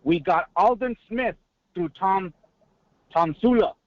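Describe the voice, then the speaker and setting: A man's voice: high voice, takes it slowly, dry recording. A male caller giving a hyped, preacher-like sports pep talk full of rhetorical questions, mixing in Spanish greetings. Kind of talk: excited call-in sports talk. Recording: muffled phone line audio.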